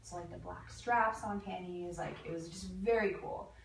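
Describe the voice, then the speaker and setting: A woman, a lingerie designer and guest, telling animated stories in casual chat and laughing often. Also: lowish voice, moderate pace, creaky. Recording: echoey room, mic at a distance, faint noise.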